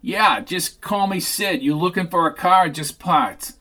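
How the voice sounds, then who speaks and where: A man's voice: high-pitched, a little slow, bright, forceful tone, voice pushed up, full character voice. A man voicing a brash, flirtatious middle-aged junkyard owner who talks in a pushy, leering drawl.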